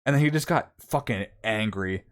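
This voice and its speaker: A man's voice: on the low side, expressive, moderate pace. A young man streamer telling a long story in casual chat, rambling with many fillers and acting out what people said.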